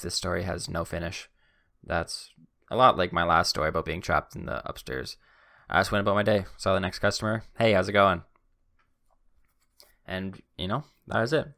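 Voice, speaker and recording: A man's voice: low voice, vocal fry, a bit bright. A young man hosting a podcast, telling a story casually with self-deprecating humor and acting out both sides of a conversation. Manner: self-deprecating, acts out both sides of the exchange, stumbles and restarts. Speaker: podcast host.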